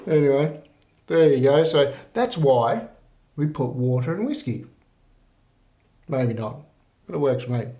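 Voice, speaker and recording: A man giving a casual whisky tasting review in a relaxed, rambling way with many fillers. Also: mid-range voice, a little slow, pauses often. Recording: roomy echo.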